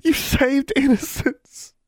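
A man voicing a tearful, grateful girl who speaks softly. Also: fairly high pitch, brisk, no echo, clean studio sound, voice pushed up, lightly acted. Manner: soft, tearful.

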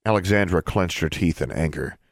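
Deep-voiced male audiobook narrator. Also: brisk, creaky, no room sound, studio quality. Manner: steady storytelling with expressive dialogue.

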